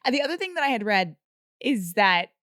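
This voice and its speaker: A woman co-hosting a film podcast in casual chat, animated and quick to laugh. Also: on the high side. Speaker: podcast co-host.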